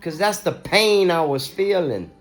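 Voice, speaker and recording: A man's voice: high-pitched, expressive, unhurried, fairly bright tone. A man in an agitated, profane and repetitive rant, talking straight to his viewers. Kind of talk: ranting monologue to camera.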